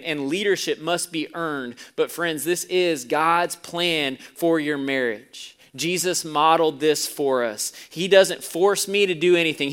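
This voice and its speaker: A man preaching a sermon to a congregation, telling a story with the voices of its people and moving between soft, low passages and loud, emphatic ones. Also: clear, resonant tone. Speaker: pastor.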